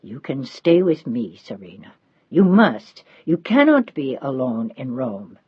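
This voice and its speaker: A woman's voice: a bass voice, sing-song, measured pace, husky, no room sound, dull audio, full character voice. A woman reading the part of an elderly Italian housekeeper, devoted and motherly, in a pleading, insistent manner. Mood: tender.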